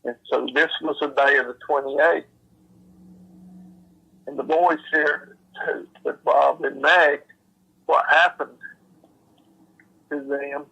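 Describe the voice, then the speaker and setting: A man speaks slowly in a gravelly, bright-edged voice that barely rises or falls. He tells it plainly, filling pauses with "uh" and "you know". The sound is thin and lo-fi. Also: fairly high pitch, steady tone. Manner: slow, plain folksy telling with fillers. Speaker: storyteller. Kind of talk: recounting a secondhand encounter.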